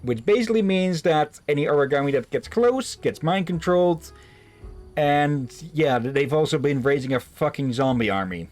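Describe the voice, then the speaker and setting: A man's voice: on the high side, lively intonation, moderate pace, a little mellow, faint music behind. A man casually chatting with friends while streaming a game, reading its text aloud and swearing now and then. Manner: rambling, swears casually, many fillers.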